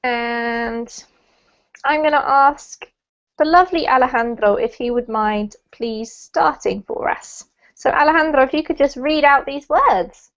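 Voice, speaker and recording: A woman's voice: high voice, unhurried, a bit bright, highs cut off. A British woman from the UK running an online pronunciation class, chatty and encouraging with frequent ums. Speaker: English pronunciation teacher. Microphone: video call.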